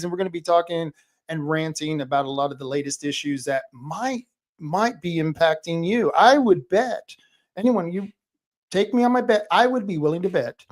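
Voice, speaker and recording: A rowdy male podcast host with a noticeably high voice, ranting and joking with his guests. He sounds a bit tipsy, loud and loose, and playful in his banter. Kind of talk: rowdy political talk show banter.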